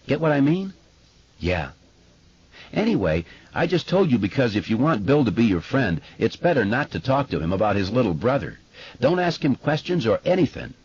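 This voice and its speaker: A man's voice: mid-range voice, darkish tone, slightly rough, no room sound, highs cut off, voice pushed up. A man voicing a fretful, chatty eleven-year-old boy with asthma, in an audiobook.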